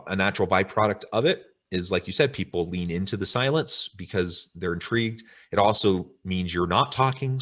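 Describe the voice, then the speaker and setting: Male webinar host, very deep voice, thoughtful and long-winded, on a video call. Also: a bit bright. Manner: reflective, wordy, with filler ums. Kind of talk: interview chat.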